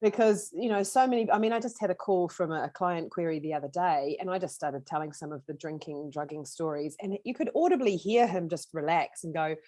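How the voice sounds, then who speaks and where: A woman with a New Zealand accent speaks in a low voice with a dry, close sound. She is in her forties and is a guest on a podcast. She talks in an animated, rambling way with many restarts. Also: brisk, hardly any pauses, no echo. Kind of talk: casual interview talk.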